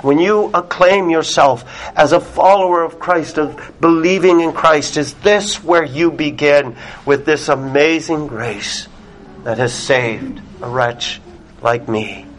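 A man preaching a sermon to a small church congregation, deliberate and emphatic, dropping very soft on key words. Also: fairly high pitch.

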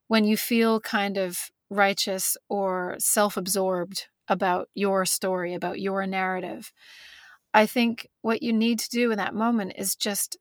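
A woman's voice: mid-range voice, dry recording. A woman talking candidly and thoughtfully in a conversation, restarting words as she thinks, close to tears. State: teary. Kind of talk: reflective conversation.

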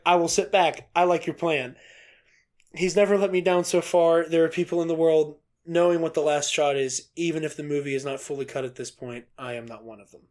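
A man co-hosting a podcast, reading a news story aloud in a casual, excitable way, laughing often and swearing casually. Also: on the high side. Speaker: podcast co-host.

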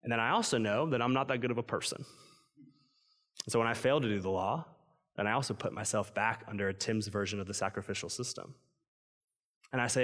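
A man's voice: lowish voice, brisk, a bit bright. A man preaching a sermon in a casual, conversational way, acting out inner voices and peppering his speech with "like". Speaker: pastor. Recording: long hall reverb.

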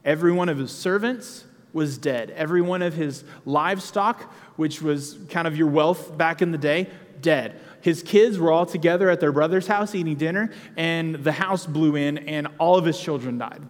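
A man's voice: a little high, moderate pace, big-room sound. A man preaching a sermon in a conversational way, with sudden emphatic outbursts.

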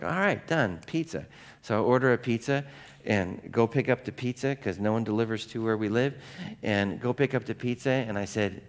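A middle-aged male pastor preaching a sermon to his congregation in a conversational way, asking them questions and acting out the voices in his own stories. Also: lowish voice. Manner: conversational, asks the congregation questions, acts out quoted voices in anecdotes.

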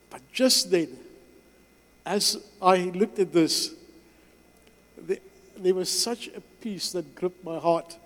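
A man's voice: high-pitched, a bit bright. Earnest man in a hall. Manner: earnest, halting storytelling with short phrases. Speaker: guest speaker. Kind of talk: personal testimony talk. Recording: long reverb in a hall.

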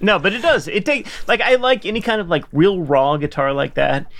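Man co-hosting a podcast, slightly high voice, excited, stumbles over words. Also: a little fast. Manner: enthusiastic, stammers and restarts. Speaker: podcast co-host. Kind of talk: casual chat.

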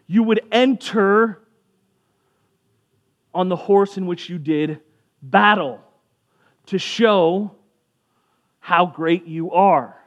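A man's voice: high-pitched, drawn-out words, pauses often, lo-fi sound. A man giving a casual sermon as a pastor, conversational and jokey, briefly acting out voices of people in the story.

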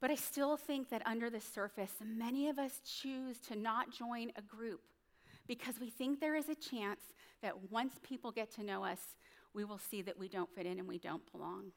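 A woman pastor delivers a sermon in a high, bright-pitched voice. She speaks conversationally, telling stories and asking the congregation quick tag questions along the way.

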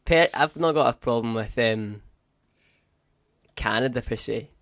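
A man's voice: medium pitch, unhurried, a bit bright, no room sound, clean studio sound. A man co-hosting a podcast, chatting casually, rambling and restarting his sentences, swearing now and then. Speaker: podcast co-host. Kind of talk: casual chat.

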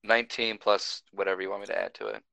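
A man's voice: low-pitched, big pitch swings, fast talker, creaky, sharp tone, dry recording, low-quality recording. A man playing a tabletop game, talking casually with many fillers. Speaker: player.

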